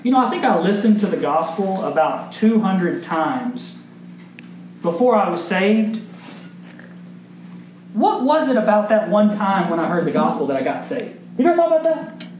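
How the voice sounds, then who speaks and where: Male pastor, high voice, emphatic sermon delivery, echoey sanctuary with faint hiss. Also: sing-song, normal speed, a little mellow. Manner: preaching with emphatic rises and questions to the congregation. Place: church sanctuary. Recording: echoey church room with faint background noise.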